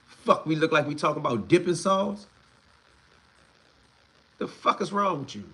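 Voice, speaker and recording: A man's voice: expressive, moderate pace, a bit bright. A young man hosting a livestream, ranting in blunt street slang with heavy swearing and a voice that climbs when he gets worked up. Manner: heated, rises in pitch when worked up. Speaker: livestream host.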